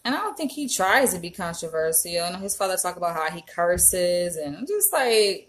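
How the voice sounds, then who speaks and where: Woman vlogger, animated and emphatic, casual commentary. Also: lowish voice, moderate pace. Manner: animated, emphatic, frequent profanity.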